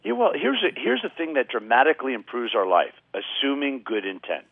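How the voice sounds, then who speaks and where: A man guests on a radio show over a tinny phone line, telling workplace stories with lively swings of pitch. His voice is a little husky and dry, and he slips into the voices of the people he quotes. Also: a little fast, dry recording. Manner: animated storyteller, acts out quoted people. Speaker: guest communication trainer. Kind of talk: radio interview, explaining with anecdotes.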